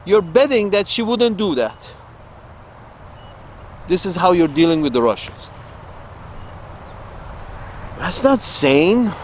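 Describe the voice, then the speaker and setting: With a high-pitched voice, an online commentator rambles through a crude, blunt political monologue for his viewers, going over the same points and chuckling at his own jokes. A little hiss or hum sits under the recording.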